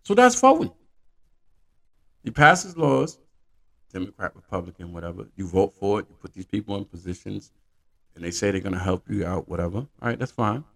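Male podcast host, casual profane monologue, gravelly low voice. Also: normal speed, pauses often. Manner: profane, animated storytelling.

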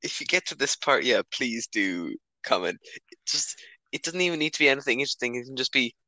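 A man's voice: mid-range voice, big pitch swings, fast talker, pushed and bright, no room sound. A teenage boy co-hosting a casual podcast chat, rambling and laughing often. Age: teens. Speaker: podcast co-host.

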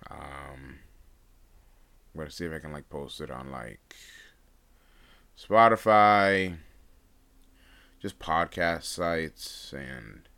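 A man's voice: low voice, a bit bright. A young man hosting a solo podcast, rambling and unscripted with lots of fillers and restarts, his voice still groggy from just waking up. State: groggy morning voice. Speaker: podcast host.

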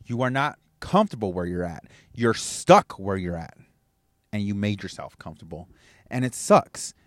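Man, motivational podcast host, profane and fired up, lively swooping pitch, dry close sound. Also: moderate pace, no echo. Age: adult with kids. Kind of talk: motivational rant.

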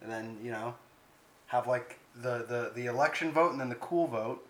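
A man's voice: mid-range voice, normal speed. A man from Canada co-hosting a casual comedy chat, rambling and laughing easily. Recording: echoey room.

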